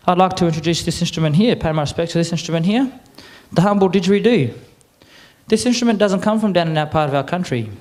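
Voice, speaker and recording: An Australian man presenting to a live audience, chatty and a little croaky, getting the crowd to repeat words back. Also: high voice, a little mellow. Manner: chatty, quizzes the crowd with call-and-response. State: a bit croaky. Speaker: cultural presenter. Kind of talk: lively audience address.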